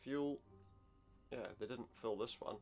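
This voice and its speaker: A man's voice: medium pitch, slow, vocal fry, darkish tone, faint music behind. A man playing through an adventure game, commenting wryly and reading the dialogue aloud. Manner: wry, sarcastic asides. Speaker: let's play gamer.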